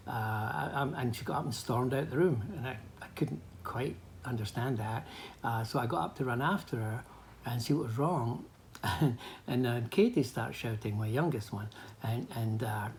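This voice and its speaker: A man's voice: mid-range voice, moderate pace, slight background noise. An older man giving a motivational training talk, telling a personal story in a hesitant, anecdotal way with many restarts.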